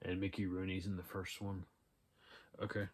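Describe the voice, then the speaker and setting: A young man with a deep voice talks at an ordinary speed over heavy background noise, casually showing off the movies he found at a thrift store. In a relaxed, rambling haul video he reads out DVD titles and cast lists, filling the gaps with plenty of "uh" and "um."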